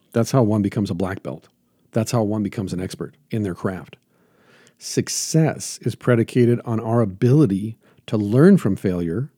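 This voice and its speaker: A man's voice: lowish voice, warm tone, slightly rough, no room sound, studio quality. A man hosting a reflective motivational monologue as a jiu-jitsu teacher, earnest and emphatic with lots of repetition.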